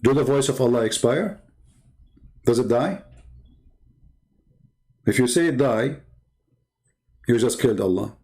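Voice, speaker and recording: A man's voice: medium pitch, animated, measured pace, long pauses, darkish tone. A man with an Arabic accent hosting a live online debate, mocking his opponents with a string of rhetorical questions. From Arab world. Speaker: debate channel host.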